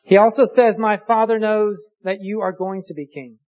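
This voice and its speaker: A preacher giving a sermon, reading scripture aloud slowly and deliberately and posing rhetorical questions. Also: mid-range voice, fairly even intonation, darkish tone, muffled recording.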